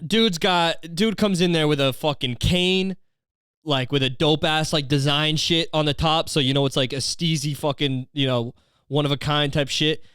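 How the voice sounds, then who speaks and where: A young man hosting a comedy podcast, ranting in a profane, animated, self-mocking way. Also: a little high, normal speed, clean tone, no echo, studio quality. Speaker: podcast host.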